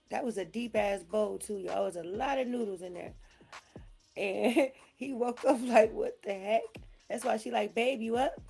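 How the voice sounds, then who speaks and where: A woman's voice: fairly high pitch, vocal fry, a little mellow. A woman giving casual gossip commentary, laughing often, swearing freely and acting out what people said.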